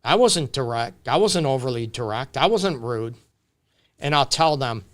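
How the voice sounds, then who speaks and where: A man's voice: medium pitch, lively intonation, a little slow, fairly bright tone. A man counseling on relationships during a casual live-stream Q&A, talking off the cuff and often checking in with "right?" and "you get me?". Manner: loose, with restarts and fillers, speaking off the cuff.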